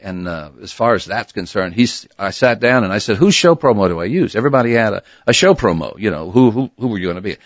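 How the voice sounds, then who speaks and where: A man's voice: on the low side, fast, few pauses, dry recording, lo-fi sound. An older man and former disc jockey, telling stories casually in a radio studio interview and laughing easily. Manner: animated, swings into voices, laughs easily.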